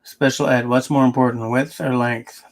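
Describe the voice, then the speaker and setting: A man's voice: medium pitch, little pitch movement, moderate pace, creaky. A man hosting a casual livestream, answering viewers and thinking aloud as he rambles. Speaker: livestream host.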